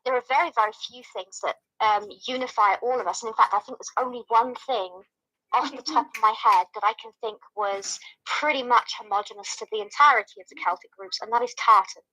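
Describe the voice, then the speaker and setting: Bright, earnest woman explaining at length. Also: on the high side, a little fast, dry recording, rough recording. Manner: earnest, explanatory, builds points with repetition. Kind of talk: casual discussion.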